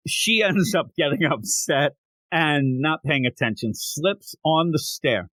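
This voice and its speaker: A man co-hosting a comic review podcast, recapping scenes in a casual, jokey way and dropping quick voices for the characters. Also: fairly high pitch, fairly bright tone, no room sound. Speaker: podcast co-host reviewing manga. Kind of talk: casual chat.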